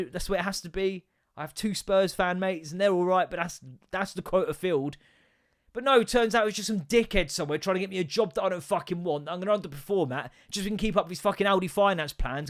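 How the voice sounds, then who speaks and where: A man's voice: sits high, fast. Sweary man ranting on a podcast. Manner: ranting, sweary, self-mocking. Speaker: podcast host and comedian. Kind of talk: solo comedy podcast rant.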